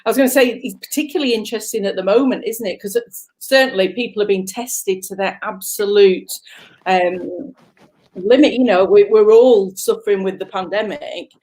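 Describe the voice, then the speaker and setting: A woman's voice: mid-range voice, normal speed, darkish tone, poor audio. A woman speaking thoughtfully in a casual group chat over a video call.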